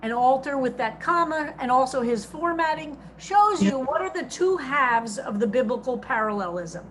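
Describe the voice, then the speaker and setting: A woman rabbi teaching a text study over a video call, reading translations slowly and stressing each phrase. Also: high-pitched, lively intonation, fairly bright tone, slight background noise.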